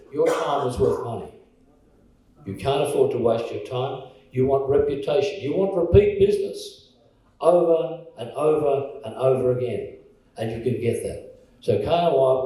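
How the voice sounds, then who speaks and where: An Australian man with a mellow, darkish voice gives a jokey event speech. He sounds set back from the mic in a big echoey hall. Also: mid-range voice, distant mic. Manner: jokey, storytelling. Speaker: college representative.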